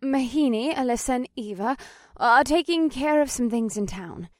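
A man voicing Kalia, a cheerful young woman, in a bright, sing-song falsetto for an audiobook. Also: normal speed, dry recording, studio quality. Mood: playful. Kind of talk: audiobook character voice.

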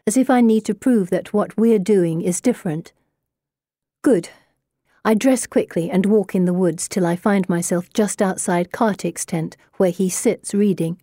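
Woman reading an audiobook, expressive, warm low voice, dry close sound. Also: no room sound. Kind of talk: audiobook narration.

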